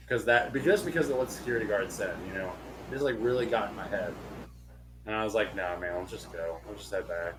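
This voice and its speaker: Young guy cohosting a podcast, tells stories with a lot of energy, swears a bunch, lowish voice, bit of hiss. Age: young adult. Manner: animated storyteller, swears freely. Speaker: podcast co-host. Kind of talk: casual chat.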